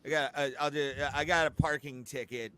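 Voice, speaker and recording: Man co-hosting a podcast, bright voice, a bit high, joking casual banter. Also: fairly even intonation, a little fast, smooth. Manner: loud joking banter with laughs. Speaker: podcast co-host. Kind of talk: casual chat.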